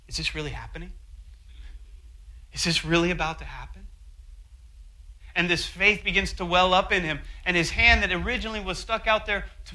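A man preaching a sermon, telling a story with animated asides and acting out quotes. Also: high voice, poor audio. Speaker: pastor.

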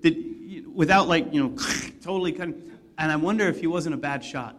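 A man's voice: on the high side, fairly quick, fairly bright tone. A man preaching a sermon, retelling a story in a conversational way with asides. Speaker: pastor.

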